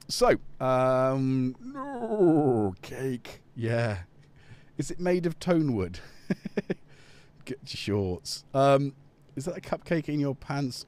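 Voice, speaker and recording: A man with a medium-pitched, slightly mellow voice runs a laid-back livestream from a studio dynamic mic, rambling off topic and cracking jokes.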